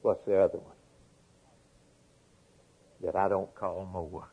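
A man preaching a sermon, repeating phrases and swinging from emphatic peaks to quiet low lines. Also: husky. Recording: tinny phone-like lo-fi recording.

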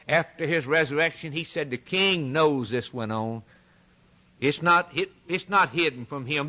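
A man's voice: medium pitch, pushed and bright. A man preaching a sermon, emphatic and repetitive, dramatically retelling scripture and addressing the congregation as brethren.

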